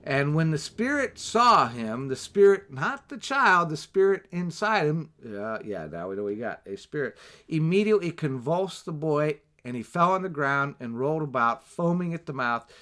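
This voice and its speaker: A man preaching a Bible teaching sermon on a livestream, animated, with asides and rhetorical questions. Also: fairly high pitch, normal speed. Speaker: pastor.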